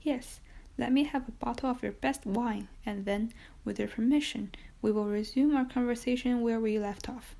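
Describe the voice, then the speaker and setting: A woman's voice: a little high, moderate pace, vocal fry, dark tone. A woman doing a reserved Italian-accented priest. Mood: probing.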